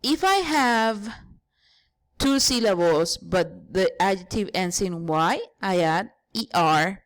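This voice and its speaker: Female English teacher, grammar lesson, slow and patient, spells things out step by step. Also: on the low side.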